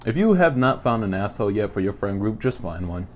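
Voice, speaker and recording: Easygoing male podcast co-host, lively up-and-down pitch, sarcastic, faint hiss. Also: a little fast. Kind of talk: casual podcast chat.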